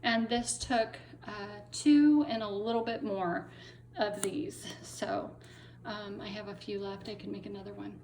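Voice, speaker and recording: In a relaxed show-and-tell vlog, a crochet vlogger presents her finished crochet and craft pieces, chatty and full of ums as she recovers from laryngitis and a lingering cough. She speaks in a steady, darkish, mid-range voice at a measured pace.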